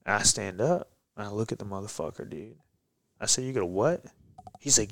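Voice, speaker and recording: A man telling a personal story on a podcast, casual and profane, getting heated and animated as he recounts it. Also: on the low side, brisk, dry recording. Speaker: guest, pro MMA fighter.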